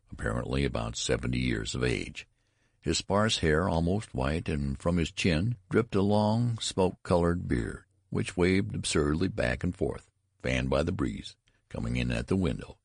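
A man narrating a story in an expressive audiobook reading, voicing each character. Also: extremely low pitch, creaky, breathy edge, no echo, clean studio sound.

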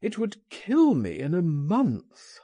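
A man's voice: high-pitched, huge pitch swings, takes it slowly, dark tone, slightly rough, dry recording, voice pushed up, exaggerated voice. A man voicing a frightened grown man who pleads in despair, in an anguished manner. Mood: resigned.

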